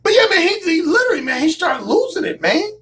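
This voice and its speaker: Very high-pitched with big pitch swings, this man speaks quickly in a fairly bright tone. He's a dating coach and YouTube commentator telling a story in a casual, emphatic monologue, often repeating himself and swearing freely.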